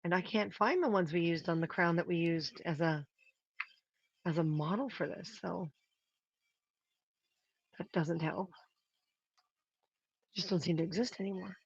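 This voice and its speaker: A prop maker chats casually on a livestream while working, thinking aloud and counting up costs. The voice sits at a middling pitch. The sound is dry and close, with dull, lo-fi livestream audio. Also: a little slow, creaky, pauses often, breathy edge, no room sound.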